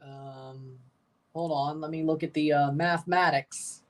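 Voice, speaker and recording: A woman's voice: low voice, fairly even intonation, unhurried, recorded from a distance. A woman hosting a live match watchalong, chatting casually and calling the plays in short bursts.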